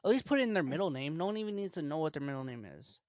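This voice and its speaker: A man's voice: on the high side, big pitch swings, very fast, darkish tone, dry recording, studio quality. A man co-hosting a podcast in casual, playful chat, often laughing. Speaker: podcast co-host.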